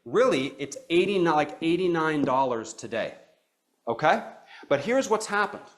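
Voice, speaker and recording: Animated middle-aged man coaching a room. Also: a little high, normal speed. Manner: animated, keeps checking in with "okay?"; asks the room questions and calls on listeners. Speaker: practice coach. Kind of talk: live training seminar talk.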